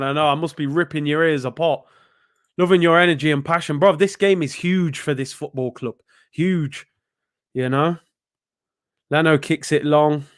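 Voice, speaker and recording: A young man hosting a live football watchalong, reacting excitedly and yelling at the players. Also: on the high side. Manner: excitable, shouting at players, frequent outbursts. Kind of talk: live match reaction commentary.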